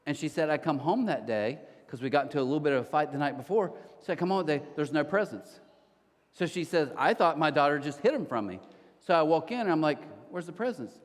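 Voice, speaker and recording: A man preaching a sermon as pastor, telling stories in a conversational, animated way with quick restarts. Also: fairly high pitch. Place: church auditorium. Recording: church hall reverb.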